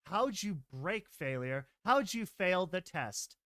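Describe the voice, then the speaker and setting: Unhinged giggly pegasus mare, voiced by a man; high, singsong, obsessive repeats; dry close mic. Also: sing-song, slow, a bit bright, no room sound, full character voice. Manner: singsong, giggling, fixated repetition.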